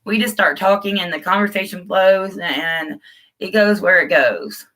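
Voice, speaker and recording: A woman's voice: lowish voice, a little slow, a bit bright, poor audio. A middle-aged woman hosting a casual live chat, talking openly and loosely to her viewers and calling them guys. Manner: open, rambling, addresses viewers as guys. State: tearful at times. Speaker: livestream host.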